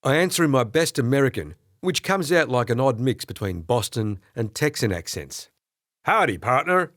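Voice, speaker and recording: A man narrating an audiobook in the first person, expressive and storytelling. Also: mid-range voice, normal speed, no echo, studio quality. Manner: expressive storytelling with character voices.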